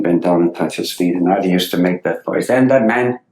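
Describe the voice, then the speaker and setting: A man's voice: deep voice, brisk. A man giving a lecture to an audience, telling anecdotes and acting out the quotes. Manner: lively anecdotal storytelling with acted quotes. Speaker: speaker giving a talk. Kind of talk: storytelling lecture. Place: meeting hall. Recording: echoey hall.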